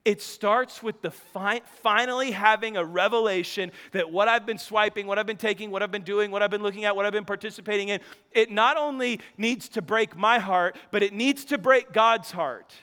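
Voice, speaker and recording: A man in his thirties preaching a sermon, telling stories with quick laughing asides and restarts. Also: sits high, smooth, big-room sound. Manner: animated storytelling, self-interrupting, laughing asides. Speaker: pastor.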